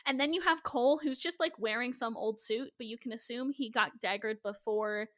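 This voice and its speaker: A woman's voice: a little high, moderate pace, fairly bright tone, no echo, clean studio sound. A young woman co-hosting a podcast, chatting casually and profanely about a TV show and laughing often. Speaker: podcast co-host. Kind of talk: casual recap chat.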